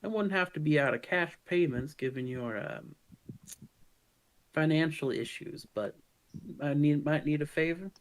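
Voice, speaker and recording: A man doing a soft-drawling Southern crime boss. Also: a little high, expressive, poor audio. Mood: businesslike. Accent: soft Southern US, put on. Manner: soft gentle drawl, unhurried threats. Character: disfigured crime-boss man, calm, menacing.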